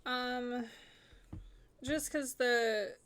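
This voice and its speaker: Bright, clear-voiced woman streamer rambling. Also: on the high side, fairly even intonation, very slow. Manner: rambling, full of "like" fillers. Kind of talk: casual chat while gaming.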